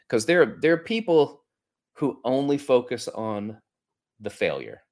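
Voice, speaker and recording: A middle-aged man with a medium-pitched, slightly mellow voice speaks at a measured pace with big pitch swings. As a podcast host, he earnestly and reflectively relates a personal story in a coaching talk, frequently restarting.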